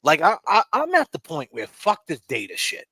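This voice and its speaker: A man's voice: fairly high pitch, wildly swooping pitch, normal speed, sharp tone, husky, no room sound. A man hosting a livestream, talking in a heated, profane, riffing way and taunting mockingly. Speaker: livestream host. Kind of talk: casual heated chat.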